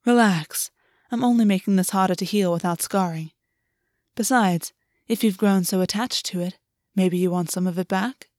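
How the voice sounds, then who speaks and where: A woman doing a calm, teasing fae man. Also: moderate pace, no room sound, clean studio sound, natural voice. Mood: soothing murmur. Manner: low, soothing murmur, sometimes whispered.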